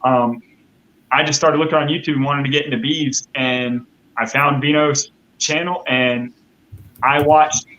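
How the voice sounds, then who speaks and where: A man's voice: mid-range voice, steady tone, unhurried, a bit bright, rough recording. A man chatting as a guest beekeeper on a live call, eager and stammering with restarts. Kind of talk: casual chat.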